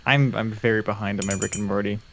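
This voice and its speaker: A man's voice: lowish voice, steady tone, fast talker, gravelly, a bit bright, slight background noise. A man co-hosting a hobby livestream in casual chat, laid-back and jokey, laughing a lot. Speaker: livestream co-host.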